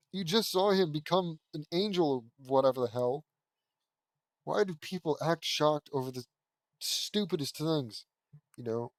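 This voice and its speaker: A sarcastic host reads a fan fiction aloud and keeps stopping to mock it, laughing often. The voice sits in a middle pitch and is recorded close and dry, with almost no room sound. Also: expressive, moderate pace, no echo. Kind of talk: comedic reading with commentary.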